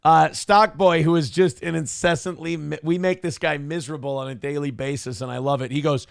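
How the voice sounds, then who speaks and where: A man co-hosts a loose morning talk show, joking around and needling his partner. His voice sits a bit high for a man and has a gravelly, fry-laden edge. The sound is dry and close. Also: fairly even intonation, a little fast, hardly any pauses, no echo. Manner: teasing, joking, reads chat comments aloud. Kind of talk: casual banter show.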